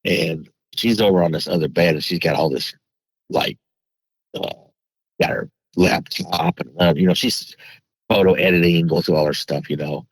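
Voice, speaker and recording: A man's voice: low-pitched, normal speed, husky, no echo, rough recording. A man, a podcast guest, telling a personal story in a rambling casual way, with many restarts and fillers.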